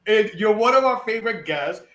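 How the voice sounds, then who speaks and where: A man's voice: high-pitched, animated, brisk, a bit bright, reverberant. A man hosting a podcast, upbeat and playful as he talks with his co-host and guest. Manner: upbeat, playful, hyping the show. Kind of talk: casual chat.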